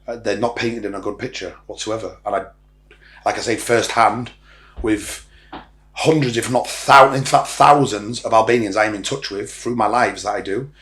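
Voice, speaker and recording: A fairly low-pitched, slightly bright male voice with fairly even intonation comes through at normal speed with roomy echo. The speaker, a middle-aged Irish social media influencer, is a podcast guest who talks bluntly, rambles, and curses frequently in a casual interview.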